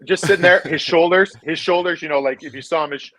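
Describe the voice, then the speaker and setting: A man's voice: fairly high pitch, quick pace, fairly bright tone, dry recording, poor audio. A man, a former hockey player, casually telling rambling locker-room stories full of restarts and swearing. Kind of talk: casual storytelling chat.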